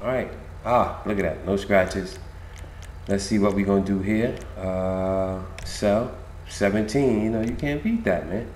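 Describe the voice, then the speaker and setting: A man's voice: on the low side, measured pace, darkish tone, roomy sound, slight background noise. A man giving casual, slangy commentary while playing a video game, chatting to the characters on screen. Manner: laid-back, slangy, talks to game characters.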